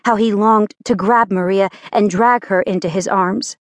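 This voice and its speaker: This is scripted narration of a romance audiobook by a woman with a medium-pitched voice. She keeps a measured, even storytelling pace, and there's no room sound at all.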